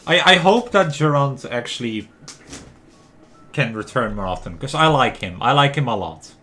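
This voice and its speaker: A man's voice: mid-range voice, expressive, normal speed, sharp tone. A man casually commenting and joking over a video game as a streamer. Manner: chatty, joking, laughs often.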